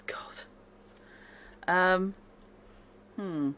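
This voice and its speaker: A woman's voice: on the low side, fairly bright tone. A woman, playing a solo tabletop game and talking through her choices in a chatty, exclaiming way. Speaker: player.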